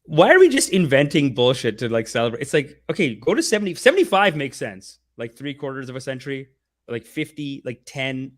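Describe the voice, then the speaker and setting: A man's voice: medium pitch, sing-song, brisk. A man hosting a casual podcast, profane and rambling in his banter. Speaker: podcast host.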